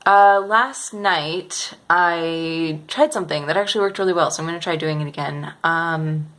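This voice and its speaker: A woman's voice: low voice, normal speed, a bit bright. A young woman vlogging a casual weekly update, rambling and hesitant with many fillers and restarts. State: sleepy, yawning.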